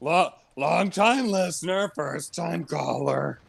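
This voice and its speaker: A man playing a hesitant, starstruck fan calling into a show, halting and full of fillers. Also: on the high side, vocal fry, slightly rough, no room sound, exaggerated voice. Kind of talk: improvised comedy role-play.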